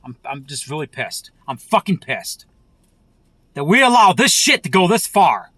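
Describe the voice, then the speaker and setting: A man vlogs an angry political rant, cursing freely and circling back over the same points. His voice sits high for a man. The sound is close and dry, with no room behind it. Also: very animated, moderate pace, bright, forceful tone, breathy edge, no echo. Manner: profane, heated, repetitive. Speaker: vlogger.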